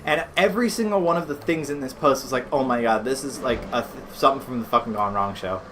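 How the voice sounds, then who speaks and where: A man's voice: mid-range voice, fast, noisy background. A man hosting a let's play, chatting casually and rambling with lots of fillers and swearing. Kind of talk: casual gameplay commentary.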